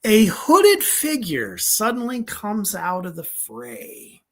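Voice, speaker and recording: A man's voice: sits high, takes it slowly. A man hosting a horror film review show, talking casually with profanity, lots of fillers and frequent laughs. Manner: profane, excitable, rambling with many fillers; laughs often.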